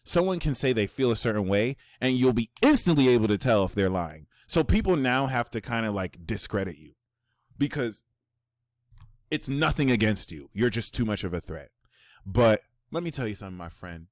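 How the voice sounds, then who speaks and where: A man giving a personal astrology reading, excitable and slangy, swinging from hushed talk to excited shouts. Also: medium pitch, moderate pace, dry recording, studio quality.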